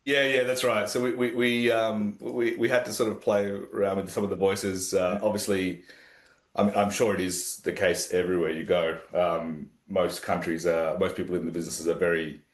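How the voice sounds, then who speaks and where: A man, explaining an AI platform on a casual call in a halting, restart-heavy way. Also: sits low, little pitch movement. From Australia. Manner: hesitant, explains with many fillers and restarts. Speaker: guest presenting an AI platform. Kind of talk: casual video-call demo. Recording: roomy echo.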